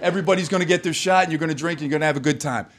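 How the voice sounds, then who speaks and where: A man's voice: fairly high pitch, very fast. A man doing live stand-up crowd work on a comedy club stage, loose, profane and teasing the audience.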